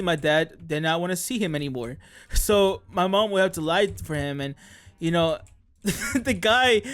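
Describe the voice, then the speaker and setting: A man streaming, chatting casually in a rambling way, often correcting himself and laughing mid-sentence. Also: high-pitched. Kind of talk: casual chat.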